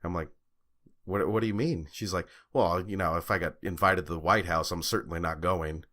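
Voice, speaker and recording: A man's voice: deep voice, steady tone, brisk, pushed and bright. A young man co-hosting a podcast, telling a long story in casual chat, full of fillers and swearing. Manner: rambling storytelling with fillers and profanity. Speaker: podcast co-host.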